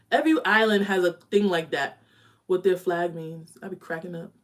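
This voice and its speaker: A young woman with a slightly low voice chats her way through a live makeup session from home. She is candid and easygoing, talking while she blends eyeshadow. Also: moderate pace. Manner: chatty, candid, talks while applying makeup. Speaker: beauty vlogger. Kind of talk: casual live makeup chat.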